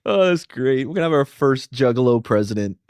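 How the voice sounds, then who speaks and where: A man's voice: medium pitch, lively intonation, brisk, darkish tone, smooth, dry recording, studio quality. A man co-hosting a casual podcast chat who jokes, laughs often and keeps restarting his sentences. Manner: slips into mock impressions. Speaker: podcast co-host.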